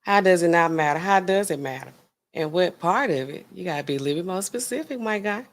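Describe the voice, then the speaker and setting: A woman pharmacist hosting a casual livestream, chatting in a slangy, animated way, reading out viewer comments and laughing often. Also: fairly quick. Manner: animated and chatty, slangy, swings between low asides and high exclaims; laughs often mid-sentence.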